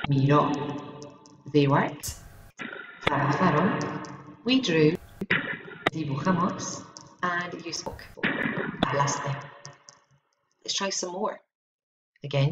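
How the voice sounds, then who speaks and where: A woman teaching Spanish verb conjugations in an instructional video, drilling each form slowly and carefully. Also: sits low. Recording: dull, lo-fi sound.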